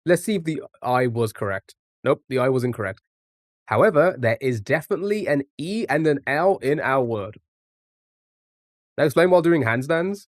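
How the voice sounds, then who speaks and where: A man's voice: mid-range voice, animated, normal speed, no room sound, studio quality. A man streaming live, chatting casually with his chat and swearing now and then while playing a word game. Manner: chatty, jokey, talks back to chat.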